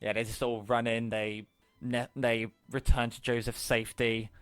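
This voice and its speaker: Man, game master, middle pitch, dry close sound. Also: little pitch movement, moderate pace, clean tone, no room sound, soft background music. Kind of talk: narrating a tabletop game.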